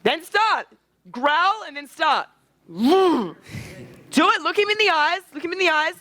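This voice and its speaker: A man coaching a live social skills seminar, energetic and casual, with quick asides and swearing. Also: extremely high pitch.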